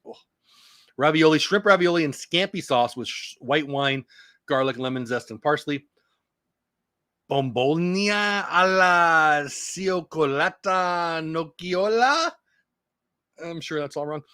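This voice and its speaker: A man's voice: mid-range voice, a bit bright, no echo. A middle-aged man hosting a casual morning news show, rambling through long lists and joking about his own pronunciation. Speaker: show host.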